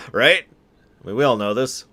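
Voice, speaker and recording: A man's voice: mid-range voice, pushed and bright. A man streaming a game, joking casually and reading game text aloud. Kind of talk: casual let's-play commentary.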